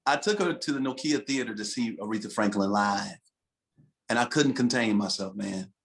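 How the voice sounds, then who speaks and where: A man's voice: fairly low pitch, normal speed, gravelly. A man from Detroit, a gospel singer and pastor, telling stories in a casual podcast chat and saying "man" a lot. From Detroit, USA. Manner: animated storyteller, peppers speech with "man". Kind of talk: casual conversation.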